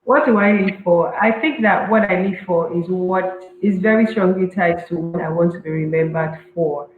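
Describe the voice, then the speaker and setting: A woman guest answering an interview question in a measured, thoughtful way. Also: on the low side, faint music behind. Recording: tinny call line in an echoey room.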